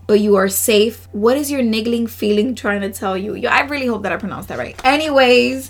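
A woman's voice: on the high side, brisk, few pauses. A woman hosting a casual solo podcast, reading oracle cards aloud in an earnest, emotional way with frequent laughs and slangy asides. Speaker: podcast host.

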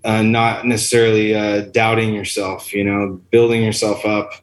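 A man's voice: on the low side, flat delivery, normal speed, reverberant, rough recording. A man and musician talking casually and earnestly in a rambling, philosophical way. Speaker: musician guest. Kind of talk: casual chat.

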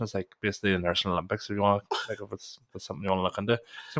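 A man's voice: on the low side, fairly even intonation, very fast. Laughing, swearing young man. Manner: laughs often, swears freely. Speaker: podcast co-host. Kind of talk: casual chat.

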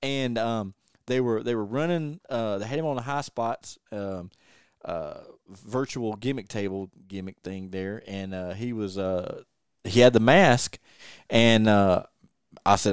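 A man hosting a podcast, an ex-wrestler telling stories in a lively, anecdotal way. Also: fairly low pitch, measured pace, clean tone, no echo, clean studio sound. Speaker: podcast host and former wrestler. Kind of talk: casual storytelling interview.

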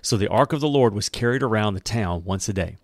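Lively man teaching scripture, dry sound. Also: lowish voice, fairly quick, dry recording. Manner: animated storyteller who acts out characters' lines and laughs often. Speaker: Bible teacher. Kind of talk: conversational Bible teaching with scripture reading.

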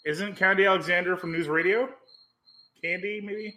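A man's voice: sits high, fairly even intonation, normal speed, sharp tone, rough recording. A man co-hosting a podcast in casual chat, teasing and joking with his partner. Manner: teasing, jokey. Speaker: podcast co-host.

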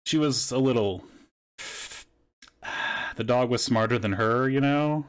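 A man's voice: mid-range voice, slow pace. Man hosting a casual podcast. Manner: swears freely, storytelling. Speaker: podcast host. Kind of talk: casual chat.

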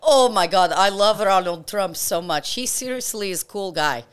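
A woman's voice: mid-range voice, lively intonation, normal speed, clean tone. A woman co-hosting a comedy podcast, chatting casually, laughing often and turning mock-soothing when she leads a breathing break. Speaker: podcast co-host. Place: hot indoor studio room.

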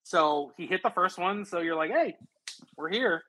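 A man who works in soccer, chatting casually on a podcast in an animated way, laughing often. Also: high voice, moderate pace, rough recording. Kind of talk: casual sports chat.

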